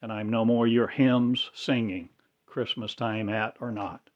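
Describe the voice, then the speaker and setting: A man's voice: lowish voice, steady tone, unhurried, darkish tone, highs cut off. A man delivering a rambling religious monologue in cryptic, incantatory, broken phrases. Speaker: self-styled religious speaker.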